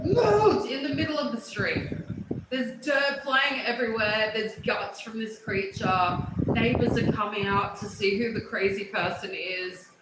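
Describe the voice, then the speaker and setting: A middle-aged woman from Australia, telling stories in a casual livestream chat, animated and prone to loud excited bursts. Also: fairly high pitch. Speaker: livestream host. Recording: echoey room with loud noise.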